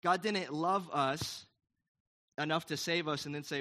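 Male pastor, sermon, earnest and emphatic, slightly high voice, rhetorical questions. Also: unhurried, pushed and bright.

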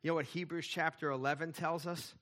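A man's voice: on the high side, flat delivery, a little fast, a bit bright. A middle-aged male pastor preaching a sermon, emphatic, with intensity that swells and drops back.

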